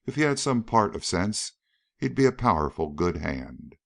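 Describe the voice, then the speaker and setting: A man's voice: fairly low pitch, big pitch swings, moderate pace, gravelly, heavily acted. A man voicing a blunt, curious frontier girl who talks in a folksy backwoods drawl.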